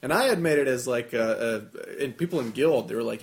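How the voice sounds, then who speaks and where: A man on a podcast, rambling and animated in casual chat, swearing freely. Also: medium pitch, fairly quick.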